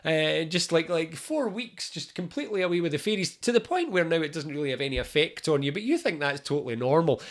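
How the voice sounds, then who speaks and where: A man's voice: a little high, animated, quick pace, hardly any pauses. A man explaining a mental health idea through a story, acting out short dialogues in a conversational, playful way. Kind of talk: explanatory talk with acted-out dialogue.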